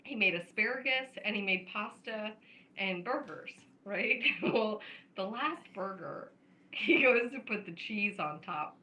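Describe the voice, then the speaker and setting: A woman's voice: medium pitch, lively intonation, unhurried, bright, forceful tone, rough recording. A woman co-hosting a podcast, chatting casually and laughing often as she tells family stories. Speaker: podcast co-host. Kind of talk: casual chat.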